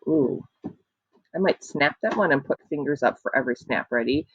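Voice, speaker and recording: In an online phonics class for small children, a young kindergarten teacher speaks slowly with sing-song encouragement. Her voice is rumbling low, expressive and a touch gravelly. The dry, somewhat muffled audio sounds like an ordinary computer mic.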